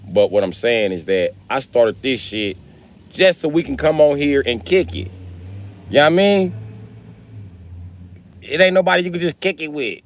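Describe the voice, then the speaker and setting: A young man live-streaming, chatting casually and profanely with his viewers in a loose, rambling way. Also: lowish voice. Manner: rambling, profane, talks straight to chat. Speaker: livestreamer.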